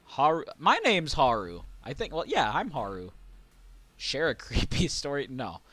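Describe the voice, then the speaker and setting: A man streaming a horror game, casually chatting, reading game text aloud and getting excitable. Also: mid-range voice, unhurried, no room sound. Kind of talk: casual let's-play commentary.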